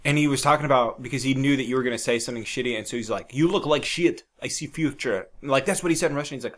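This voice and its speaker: A man co-hosting a podcast in casual chat, crude and joking, laughing often and breaking into loud impressions. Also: mid-range voice, rapid-fire, few pauses. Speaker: podcast co-host.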